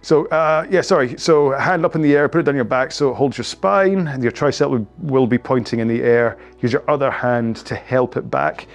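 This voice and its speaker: A man's voice: mid-range voice, normal speed, creaky, hardly any pauses, soft background music. A man hosting a fitness video, chatting in a rambling, self-mocking way while he leads stretches after a rowing workout.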